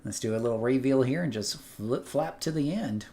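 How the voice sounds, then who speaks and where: A man's voice: medium pitch, moderate pace, dark tone. A man streaming a video game, commenting casually in a chatty, wry way and exclaiming at the action. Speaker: gaming streamer. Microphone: headset earpiece.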